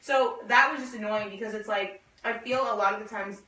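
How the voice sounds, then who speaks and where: A woman on a discussion panel, telling stories in an animated way and acting out the dialogue. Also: medium pitch, fairly quick. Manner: animated storyteller, acts out quoted dialogue. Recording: echoey room, mic far off.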